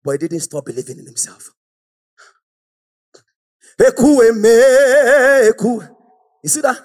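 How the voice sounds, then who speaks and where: A man preaching a fiery, exhorting sermon and often shouting out to the congregation. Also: very high voice, big pitch swings, slow.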